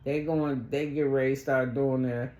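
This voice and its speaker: A woman casually recapping a reality show, blunt and profane, acting out the cast's lines in a much higher voice. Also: steady tone, moderate pace, mellow, roomy sound. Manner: blunt, profane, talks back to the cast; acts out quotes in a much higher voice.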